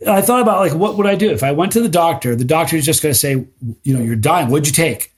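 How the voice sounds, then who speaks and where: Animated man telling stories. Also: fairly high pitch, fast talker. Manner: animated storyteller with frequent restarts. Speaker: guest, spicy food challenge creator. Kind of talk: casual podcast conversation.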